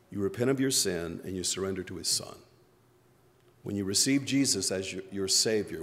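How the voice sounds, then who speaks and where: A man preaching a sermon as pastor, earnest, moving between loud emphasis and quiet, soft passages. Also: a little high. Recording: long hall reverb.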